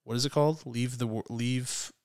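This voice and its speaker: A man's voice: medium pitch, steady tone, normal speed, darkish tone. A man co-hosting a casual film podcast, rambling, often laughing and searching for words. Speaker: podcast co-host.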